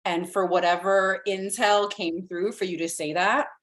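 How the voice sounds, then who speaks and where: A woman's voice: fairly low pitch, fairly even intonation, unhurried. A young woman chatting casually as a podcast guest, often saying "like" and acting out her own thoughts.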